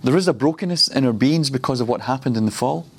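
Man, preacher, husky voice, middle pitch, reflective, personal, laughs often. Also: quick pace. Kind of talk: ministry school teaching.

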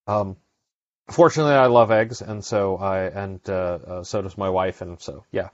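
A man's voice: low-pitched, fairly even intonation, normal speed, no echo. A man hosting a podcast, chatting casually and rambling with lots of fillers and restarts. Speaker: podcast host. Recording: dry, dull lo-fi sound.

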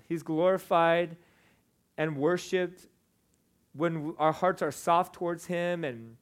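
Young man, preacher, sermon, fairly high voice, conversational storytelling, casual fillers. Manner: conversational storytelling with fillers, animated and laughing in anecdotes. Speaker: pastor.

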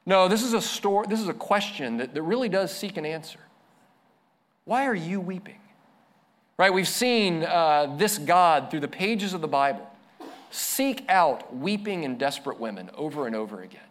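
Earnest man preaching, somewhat high voice. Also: animated. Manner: earnest preaching, slows and softens for emphasis. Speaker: pastor. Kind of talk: sermon.

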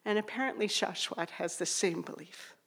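A woman's voice: fairly low pitch, moderate pace, creaky, heavy background noise. A woman telling a personal story on a theater stage to a live audience, hesitant and full of fillers.

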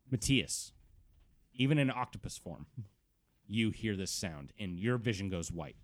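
Lowish-voiced male game master. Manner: animated storytelling, drawn-out words. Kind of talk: narrating a tabletop game.

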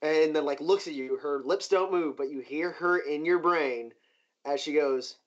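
Man running a tabletop game, slightly high voice, dull lo-fi sound, loose filler-heavy narration. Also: unhurried. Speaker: game master. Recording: dull lo-fi recording.

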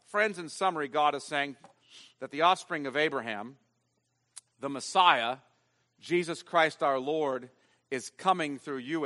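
A man preaching a sermon as pastor, emphatic, swinging from loud stressed lines to hushed ones. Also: on the high side, in a large hall.

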